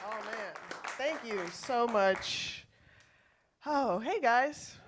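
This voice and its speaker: A woman's voice: fairly high pitch, drawn-out words, over loud music. Chatty woman comic. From Chicago. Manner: chatty, greeting the crowd. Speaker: stand-up comedian. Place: comedy stage.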